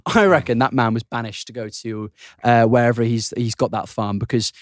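A man's voice: medium pitch, flat delivery, fairly quick, no echo, clean studio sound. A young man co-hosting a podcast, rambling through crude jokes with lots of giggling. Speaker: podcast co-host. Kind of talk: casual comedic podcast chat.

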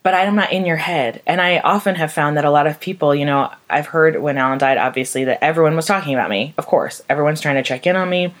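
A woman's voice: low-pitched, quick pace, few pauses. A young woman speaking candidly and emotionally about grief, swearing freely in a raw personal monologue. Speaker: vlogger.

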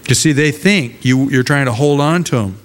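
A man's voice: mid-range voice, moderate pace, in a large hall. An older man and pastor preaching a conversational sermon, often repeating words as he searches for them.

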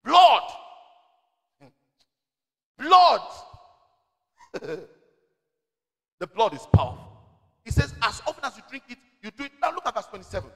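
At a church service, a man with a high and lively voice preaches a sermon in a reverberant hall where the reverb lingers long. He's the senior pastor, trading calls and responses with his congregation, urging them on, and reading scripture in a slow, deliberate way.

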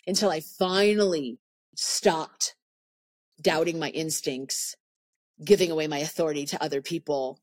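Earnest woman telling a story, low voice. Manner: earnest, emphatic, repeats words for stress. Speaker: podcast guest, animal sanctuary founder. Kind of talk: casual storytelling interview.

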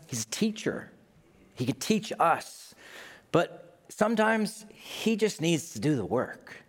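A man preaching a sermon in a lively, joking way, acting out quoted voices. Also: fairly high pitch. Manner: animated, jokey, acts out voices. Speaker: pastor.

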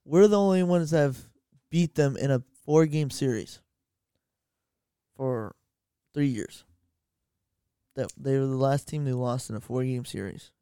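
A young man co-hosting a podcast, chatting about sports in a rambling, excitable way and correcting himself as he goes. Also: medium pitch, measured pace, pauses often, smooth, no echo. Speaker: podcast co-host. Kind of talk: casual sports chat. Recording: dry.

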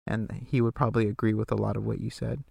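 A man's voice: on the low side, fast talker, vocal fry, slightly rough, no echo, clean studio sound. A man co-hosting a podcast, casually recapping a TV episode and acting out the characters' lines. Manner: relaxed, recaps scenes and acts out lines. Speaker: podcast co-host.

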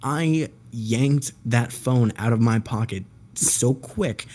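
A man spins a long, profane story for his friends on a group call. His voice is slightly husky, and he acts out every person in the tale as he goes. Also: medium pitch, slow, a little mellow. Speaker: podcast guest telling a story. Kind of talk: casual storytelling among friends.

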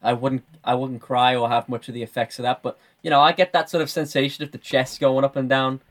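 A man's voice: medium pitch, level tone, a little fast, fairly bright tone. A man in casual podcast conversation, reflective, explaining his views at length and often repeating words as he thinks.

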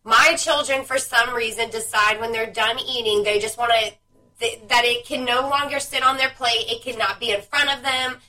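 Young woman co-host, high bright voice, lively swearing storyteller; mic a little far off. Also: moderate pace. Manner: animated storyteller, swears freely. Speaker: podcast co-host. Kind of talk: casual chat.

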